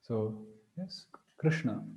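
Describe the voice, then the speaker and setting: Slow, mellow-voiced man teaching pronunciation. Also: medium pitch, lively intonation, a little hiss or hum. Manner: slowly demonstrates sounds, repeating syllables. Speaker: Sanskrit teacher. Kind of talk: online pronunciation lesson.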